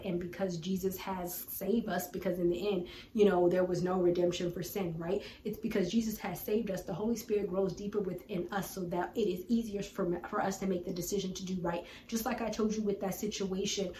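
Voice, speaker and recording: A woman teaches from scripture in an earnest, colloquial, conversational way, with a voice of ordinary middle pitch. Her voice sits back from the microphone in a roomy, echoing space. A faint hum runs underneath. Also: fairly even intonation, fairly quick, hardly any pauses, darkish tone. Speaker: Bible teacher. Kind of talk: casual Bible teaching with personal story. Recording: roomy echo, distant from mic, faint background hum.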